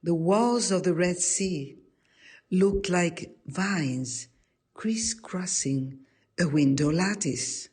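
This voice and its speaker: Learned rabbi teacher, measured and questioning, husky tone, as a woman puts him on. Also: fairly low pitch, darkish tone, heavily acted. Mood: teaching. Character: learned old rabbi questioning his students. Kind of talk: oral storytelling.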